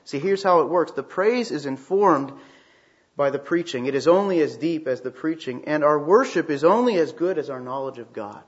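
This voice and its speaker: A man's voice: a little high, expressive, moderate pace. Emphatic preacher man, lo-fi sound. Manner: emphatic, with rhetorical questions and repeated phrases. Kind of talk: sermon. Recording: slightly dull, lo-fi sound.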